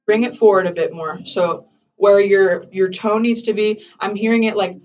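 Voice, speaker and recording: A woman's voice: mid-range voice, steady tone, moderate pace, darkish tone, recorded from a distance, dull audio. A woman teaching a voice lesson, chatty and encouraging, sometimes singing examples.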